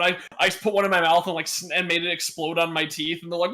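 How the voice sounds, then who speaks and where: A man's voice: high-pitched, little pitch movement, fast, pushed and bright. A man co-hosting a podcast, telling rambling stories in casual chat. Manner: rambling storyteller, casual swearing.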